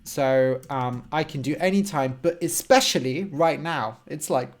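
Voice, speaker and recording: A man teaching English on a live stream, explaining words patiently and checking in with frequent "okay?". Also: on the high side. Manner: slow, simple, encouraging explanations with frequent "okay?". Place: home room.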